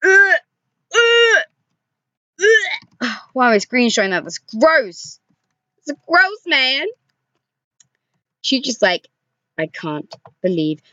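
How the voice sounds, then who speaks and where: A woman's voice: on the high side, very animated, takes it slowly, long pauses, bright, forceful tone, no room sound, dull audio. A young woman giving casual let's-play commentary, chatting to the characters in her game with sighs and groans. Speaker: gaming YouTuber. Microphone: desk microphone.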